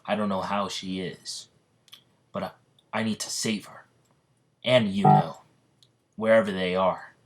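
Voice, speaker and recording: Casting: defiant young knight, low voice, halting lines, read by a man. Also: fairly even intonation, slight background noise. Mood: determined. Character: hot-headed young male knight, defiant.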